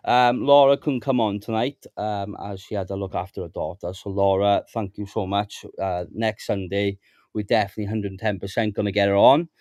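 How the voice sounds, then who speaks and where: A man's voice: fairly low pitch, fairly even intonation, fairly quick, a little mellow, no room sound. Chatty man hosting a fan show. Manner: chatty, addresses the panel as mates. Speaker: host. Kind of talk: casual fan podcast hosting.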